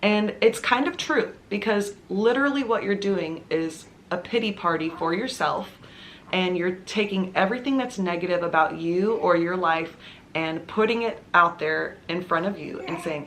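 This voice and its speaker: A woman's voice: on the low side, normal speed, a bit bright, a little hiss or hum. A woman vlogging at home, telling her own story to camera in an earnest, confiding, conversational way. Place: at home with her baby nearby.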